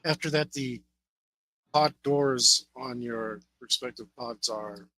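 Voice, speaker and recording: A man running a tabletop role-playing game, describing scenes in a loose, unhurried way with many fillers. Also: medium pitch, pushed and bright, dry recording, rough recording. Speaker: game master.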